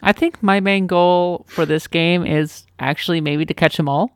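Woman from the Midwest, podcast co-host, clear crisp voice, dry sound, enthusiastic chatter. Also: on the low side, steady tone, normal speed, dry recording. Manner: chatty, enthusiastic, self-deprecating. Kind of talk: casual podcast chat.

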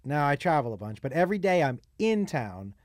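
Jokey blunt guy hosting a podcast, kinda high voice, dry close mic. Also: very animated, a little fast, no room sound. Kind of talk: casual podcast conversation.

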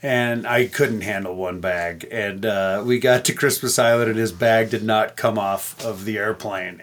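A man co-hosting a podcast, telling relaxed, joking stories in casual chat. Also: mid-range voice. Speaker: podcast co-host.

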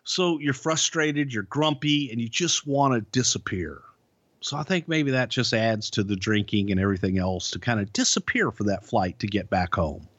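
Fairly bright and mid-range, this man's voice moves at a moderate pace on a dry recording of dull, lo-fi podcast audio. He's a podcast co-host and former wrestling writer spinning rambling, profane road stories in casual fashion, full of restarts.

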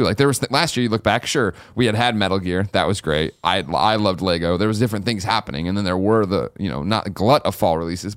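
A man co-hosting a podcast, chatting casually in a fast, animated, playful way. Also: fairly low pitch, no room sound, studio quality. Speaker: podcast co-host. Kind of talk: casual chat.

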